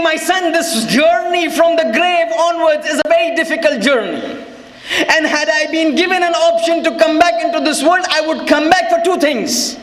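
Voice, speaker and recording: High-voiced preacher in an echoing hall. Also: male voice. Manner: impassioned, frequently rising to shouts, emphatic repetition. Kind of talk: sermon. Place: large hall with live audience. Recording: echoey hall recording.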